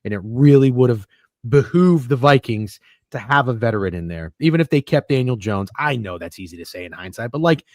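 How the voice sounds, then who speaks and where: Sports pod host guy running the talk, quoting numbers, normal pitch, dry mic. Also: lively intonation, fairly quick, darkish tone, no room sound. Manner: leads the discussion, cites stats. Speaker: podcast host. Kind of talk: casual sports chat.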